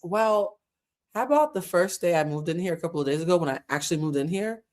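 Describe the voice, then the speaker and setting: A woman's voice: lowish voice, expressive, fast, darkish tone. Chatty woman laughing through a livestream. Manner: chatty, laughs often, swears casually. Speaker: host. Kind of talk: casual livestream chat.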